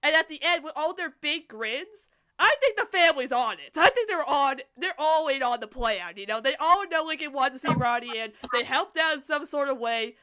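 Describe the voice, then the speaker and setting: A woman hosting a podcast, chatting casually about a cartoon in an animated, rambling way. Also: high-pitched. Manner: animated, rambling, quick to laugh. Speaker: podcast host.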